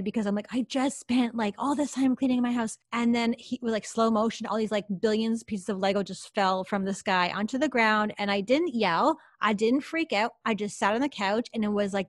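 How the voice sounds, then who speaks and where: A woman's voice: fairly high pitch, no echo, clean studio sound. A woman, a psychic medium, telling a personal story in a podcast interview, chatty and full of fillers. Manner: lively, chatty, many fillers like "like".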